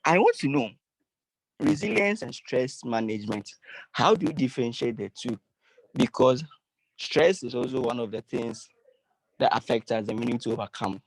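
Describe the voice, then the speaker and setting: A man's voice: mid-range voice, animated, moderate pace, creaky, dry recording, low-quality recording. A man from the audience politely and formally asks an earnest question. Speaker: audience member asking a question.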